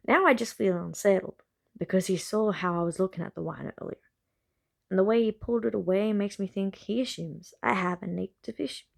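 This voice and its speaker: A woman's voice: medium pitch, gravelly. Slightly tipsy woman reading in a Southern accent. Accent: put-on Southern American. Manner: casual reading with small stumbles and self-corrections. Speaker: amateur novel narrator. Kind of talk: first-person novel reading.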